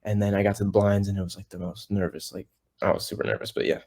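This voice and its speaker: A man's voice: on the low side, fairly even intonation, fast, vocal fry, darkish tone. A teenage boy, a singer guest on a podcast, telling his story in a rambling way with many fillers and restarts, acting out what others said. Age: teens. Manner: acts out quoted people. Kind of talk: casual interview.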